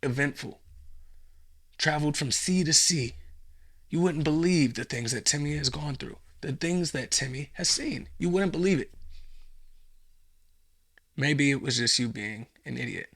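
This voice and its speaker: A man's voice: fairly high pitch, unhurried, pauses often, a bit bright, breathy edge. A man hosting a podcast, delivering a profane, sarcastic, rambling comedic monologue. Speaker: podcast host.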